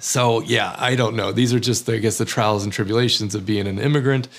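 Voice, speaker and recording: A man's voice: fairly low pitch, steady tone, a little fast. A man, an immigrant, talking in a reflective casual monologue, thoughtful and hedging with frequent fillers. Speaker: immigrant sharing experiences.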